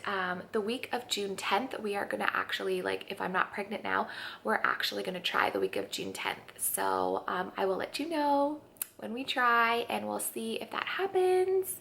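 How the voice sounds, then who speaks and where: In her kitchen, a young vlogger talks to her camera in a rambling, confessional way, sounding tired and tearful with sniffles. Her voice is medium-pitched and creaky with a fairly bright tone, and there's slight background noise.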